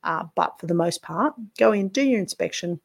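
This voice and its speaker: A woman's voice: fairly low pitch, expressive, normal speed, creaky, dry recording. A woman beekeeper hosting a casual instructional talk, chatty and blunt, with frank asides. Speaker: beekeeper host.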